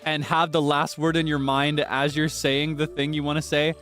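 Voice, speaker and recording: A man's voice: fairly high pitch, level tone, moderate pace, a bit bright, soft background music. A man casually chatting to his viewers while streaming a game, talking straight to them and breathless from laughing fits. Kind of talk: casual gameplay stream chat.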